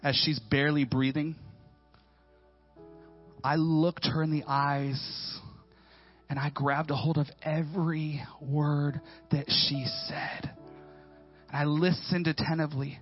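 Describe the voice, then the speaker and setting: A man in his forties preaching a sermon in a church, telling stories with playful, slangy asides and swinging from hushed to loud. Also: a little high, flat delivery, slow pace, pauses often, slightly rough, faint music behind. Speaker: pastor. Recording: dull lo-fi sound.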